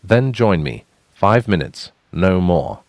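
A man voicing a wry, deadpan former navy sailor who speaks slowly and dryly. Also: deep voice, no echo, exaggerated voice.

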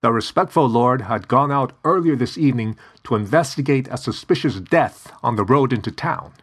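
A man's voice: expressive, moderate pace, fairly bright tone, slightly rough. A man voicing a stout, panicky older male reading master who talks in breathless, urgent bursts. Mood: alarmed. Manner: breathless, urgent, high-pitched.

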